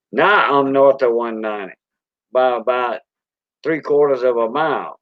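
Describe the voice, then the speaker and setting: A man's voice: mid-range voice, takes it slowly, long pauses, dry recording. A Cajun man chats in a loose, folksy ramble, the way a live-stream host talks with his viewers. His voice sits in an ordinary middle register. The sound is dull and lo-fi, with a dry, close feel. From Louisiana Gulf Coast. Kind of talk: casual live-stream chat.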